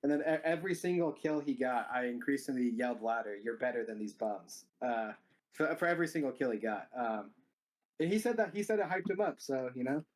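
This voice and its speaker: A man's voice: medium pitch, animated, fairly quick. Laid-back joking male player. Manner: laid-back and joking, heavy on "you know", swears. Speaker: player being interviewed. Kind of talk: casual post-match interview.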